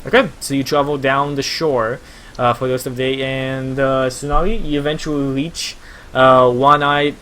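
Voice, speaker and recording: A man narrating a tabletop role-playing game as game master, casual and halting with fillers. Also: medium pitch, steady tone, fairly bright tone, slight background noise.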